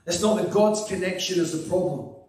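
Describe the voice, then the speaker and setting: A man's voice: high voice, fairly quick. A Scottish man preaching a sermon and leading a prayer, with an earnest, repetitive preaching cadence. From Scotland. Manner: drops to a hushed voice in prayer. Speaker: pastor. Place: church hall. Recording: echoey hall, mic at a distance.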